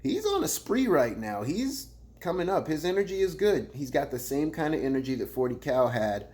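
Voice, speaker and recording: A man hosting a casual battle rap commentary show, talking in slang and swinging between loud, playful jabs and low, muttered asides. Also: sing-song, normal speed.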